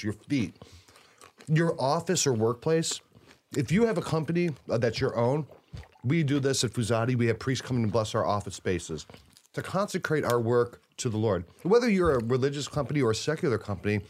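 A man's voice: mid-range voice, lively intonation, fairly quick. Playful man co-hosting a podcast. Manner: playful, teasing, explains with lists. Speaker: podcast co-host. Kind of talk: casual podcast chat.

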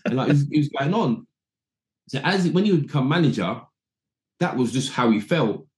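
A man from England telling animated stories as a former footballer guest, acting out quotes and restarting his sentences. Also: mid-range voice, a little fast. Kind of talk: anecdotal interview storytelling. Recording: roomy echo.

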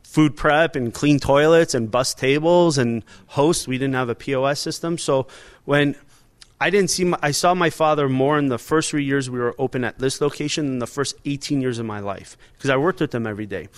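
A man's voice: mid-range voice, moderate pace. A man in his forties, a restaurant owner and chef, talking casually and animatedly in an interview, with many fillers and restarts.

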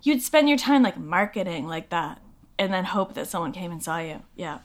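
A middle-aged actress from Massachusetts, chatting as an interview guest, self-deprecating and full of fillers. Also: female voice, fairly low pitch, big pitch swings, moderate pace. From Lexington, Massachusetts. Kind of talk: casual interview chat.

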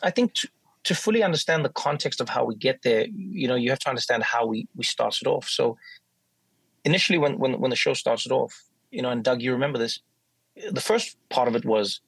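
Husky South African man telling stories. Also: medium pitch, fairly quick, no room sound, low-quality recording. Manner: animated, acts out quoted voices. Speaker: guest. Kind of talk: casual interview storytelling.

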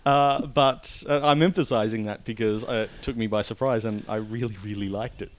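Wry opinionated man, lower voice. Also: fairly even intonation, moderate pace. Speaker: film reviewer co-host. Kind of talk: casual film review chat.

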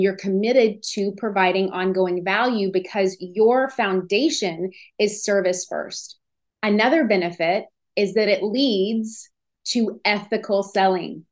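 A woman hosting a podcast, giving an energetic, emphatic motivational talk on business and selling. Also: mid-range voice. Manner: energetic, emphatic, acts out inner voices. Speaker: podcast host.

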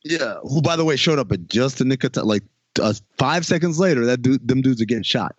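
Man, podcast co-host, casual chat, animated pitch, exasperated ranting, dry dull sound. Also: a little fast, dry recording. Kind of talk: casual chat reviewing a TV show.

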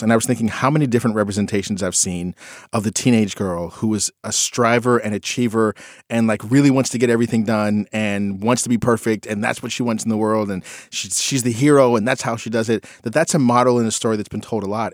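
A man in casual conversation, musing reflectively and recounting a story about his kids, getting animated when he quotes them. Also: lowish voice, no echo, clean studio sound. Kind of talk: casual chat.

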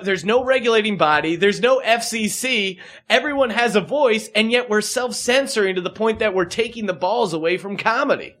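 A man's voice: sits high, a bit bright. A man hosting a podcast, ranting in casual chat with sarcastic asides. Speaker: podcast host.

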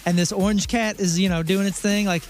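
A man co-hosting a morning radio show, chatty and quick to laugh as he tells stories. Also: high-pitched, steady tone, soft background music. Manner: chatty storyteller, laughs easily. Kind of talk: casual morning radio banter.

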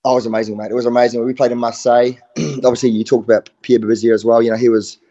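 A middle-aged ex-rugby player with a New Zealand accent chats easygoingly as a phone-interview guest, dropping "mate" constantly. He speaks rapid-fire and flat in a medium-pitched, warm voice whose high frequencies are cut off.

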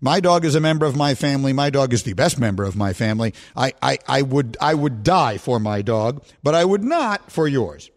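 A man hosts a sports radio show, his medium-pitched voice fairly quick with hardly any pauses as he speaks into a studio mic. He's an animated storyteller in casual banter who keeps cracking himself up.

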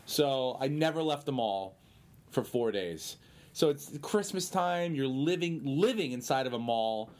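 A male comedian telling rambling, animated anecdotes in a casual interview. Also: medium pitch, a little slow. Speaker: comedian guest.

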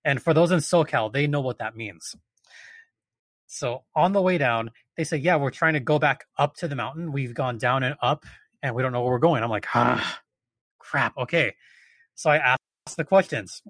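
A man casually telling an animated, exasperated story as a podcast host. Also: medium pitch, normal speed, dry recording.

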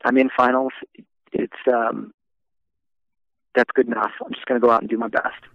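A middle-aged man, a former athlete, telling his own story in a relaxed, reflective way, with many fillers and restarts. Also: mid-range voice, moderate pace, creaky, no echo, dull audio. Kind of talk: personal storytelling interview.

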